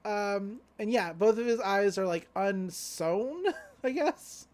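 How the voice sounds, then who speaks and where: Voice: medium pitch, expressive, takes it slowly, a little mellow. A podcast co-host casually retelling an anime episode, laid-back and loose with lots of fillers and offhand paraphrased quotes. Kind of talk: casual recap chat.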